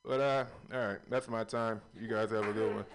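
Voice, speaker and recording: A man finishing a stand-up comedy set, rambling and swearing, with loud, exclaimed punchlines. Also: on the low side, steady tone, a little fast.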